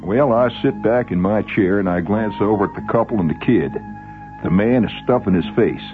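A man's voice: on the low side, normal speed, phone-quality sound, music in the background. A man telling a first-person story in a wry, vivid way.

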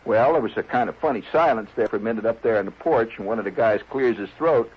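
A man's voice: fairly low pitch, fast, breathy edge. A man telling a long comic story in a folksy, rambling, self-deprecating way, on a dull lo-fi old recording. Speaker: comedian. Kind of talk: storytelling stand-up monologue.

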